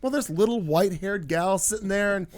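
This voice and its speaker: A man's voice: sits high, brisk. An American man co-hosting a casual talk show, telling a travel story with frequent ums, restarts and casual swearing. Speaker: co-host.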